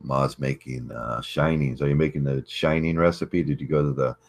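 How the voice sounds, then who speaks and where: Super deep voiced guy rambling on his morning stream, chatting w/ viewers, lots of uhs. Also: steady tone, vocal fry. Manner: rambling, halting, many fillers and restarts; reads and greets chat viewers. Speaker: livestream host. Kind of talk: casual livestream chat.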